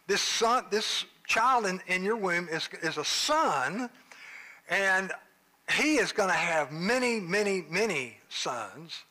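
Male pastor, joking and conversational, high and bright, takes his time. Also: expressive, unhurried, low-quality recording. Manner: conversational and joking, with playful asides. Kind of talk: sermon.

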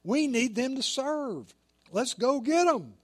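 A man's voice: very high-pitched, slow pace. A man preaching a sermon, reading scripture aloud and explaining it with joking stories and asides. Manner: animated storytelling with joking asides and laughs; reads scripture aloud, then explains it in plain talk. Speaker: pastor.

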